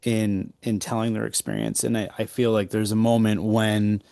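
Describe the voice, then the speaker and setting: Guy hosting an interview, lowish gravelly voice, dry sound. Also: little pitch movement, moderate pace, dark tone, no echo. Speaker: interview host.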